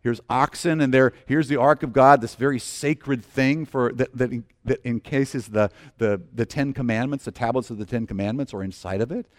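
A middle-aged man preaching a sermon, telling the story in a lively way and often restarting his sentences. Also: medium pitch, moderate pace, few pauses. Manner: animated storytelling with frequent restarts. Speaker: pastor.

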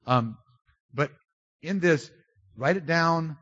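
Loud animated male preacher, dull dry sound. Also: slow, dry recording. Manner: animated, swings from loud outbursts to low confiding tones; self-described loud and obnoxious. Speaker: pastor. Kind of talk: sermon.

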